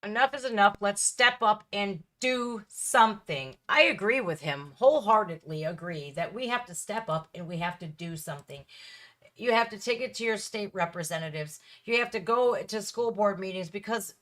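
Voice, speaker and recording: A woman's voice: mid-range voice, animated, normal speed, a bit bright. A woman in her thirties talks straight to her viewers in a casual reaction video, blunt and emphatic. Her voice sits in an ordinary middle register.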